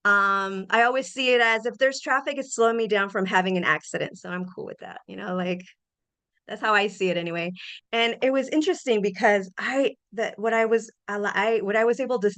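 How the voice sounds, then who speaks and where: A middle-aged woman hosting a podcast, sharing personal reflections in an earnest, animated way with frequent restarts. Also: medium pitch. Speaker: podcast host.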